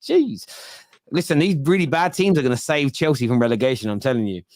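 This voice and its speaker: A young adult man hosting a football fan show, chatting casually and reacting to comments with quick restarts and mock-exasperated asides. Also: mid-range voice, expressive, darkish tone, no room sound, studio quality. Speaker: football fan channel host. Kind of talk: casual live chat reading fan comments.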